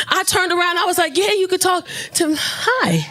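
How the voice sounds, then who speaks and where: A stand-up comedian, telling a loud, profane story on stage with punchy delivery. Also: female voice, very high-pitched, expressive, a little fast. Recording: noisy live club recording. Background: audience laughter.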